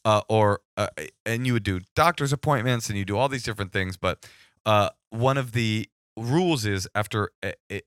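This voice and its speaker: A man telling a long story in casual podcast chat, acting out the people in it with lively bursts. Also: fairly low pitch, moderate pace, clear, resonant tone, dry recording, clean studio sound. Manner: animated storyteller acting out both sides of calls. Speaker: podcast guest.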